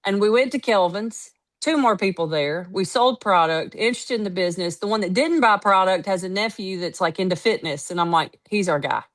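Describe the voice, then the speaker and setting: A woman's voice: medium pitch, brisk, few pauses. A woman giving a casual motivational talk, telling stories emphatically and acting out what others said. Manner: storytelling, quoting others, lively and emphatic. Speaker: network marketing team leader.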